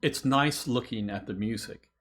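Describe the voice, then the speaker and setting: A man's voice: medium pitch, normal speed, a bit bright. A man hosting a casual music reaction chat, thoughtful, counting beats aloud and laughing often. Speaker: host.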